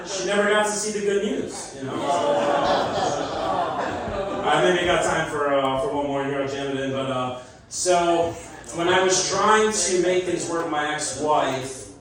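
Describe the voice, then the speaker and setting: Man, middle-aged, stand-up comedian; slightly high voice, rambling delivery, club recording with heavy echo and a noisy crowd. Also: recorded from a distance. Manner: loose and rambling, laughing at his own jokes. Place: comedy club stage, live audience. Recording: echoey club, mic heard from afar, loud crowd.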